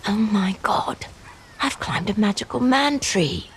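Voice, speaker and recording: A woman's voice: medium pitch, lively intonation, unhurried, slight background noise, close to an everyday voice. An American actress playing a giddy, scatterbrained woman with a put-on British accent.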